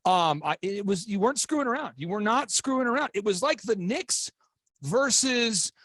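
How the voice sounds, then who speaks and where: A man's voice: high voice, normal speed, no echo. A man hosting an interview, eagerly telling childhood stories and acting out his dad's voice. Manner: animated storyteller, acts out his dad's voice. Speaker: podcast host. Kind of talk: excited interview chat.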